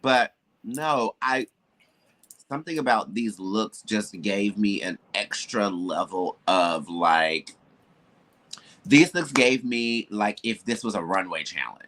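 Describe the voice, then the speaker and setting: A man's voice: fairly low pitch, takes it slowly, a bit bright, a little hiss or hum. A man co-hosting a podcast, talking candidly and emphatically in casual chat, with side remarks. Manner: candid, emphatic, drops into asides. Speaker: podcast co-host. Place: home, with building noise nearby.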